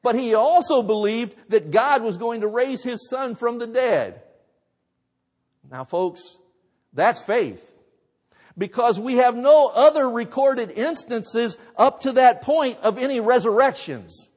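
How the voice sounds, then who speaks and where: A man's voice: very high voice, expressive, slow pace, a little mellow. A man pastor preaching a sermon, telling the story dramatically with emphatic rhetorical questions. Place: church sanctuary. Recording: reverberant church hall.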